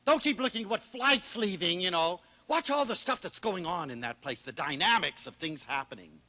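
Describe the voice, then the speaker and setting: Lecturing with great passion at a normal speed, this man has a bright, ringing voice on a high pitch that jumps up and down. His storytelling alternates between loud, excited outbursts and quiet, hushed asides.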